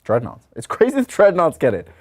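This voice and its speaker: A man's voice: on the high side, wildly swooping pitch, fairly quick. A man co-hosting a casual gaming podcast, explaining rules and laughing often. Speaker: podcast co-host. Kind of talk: casual chat answering questions.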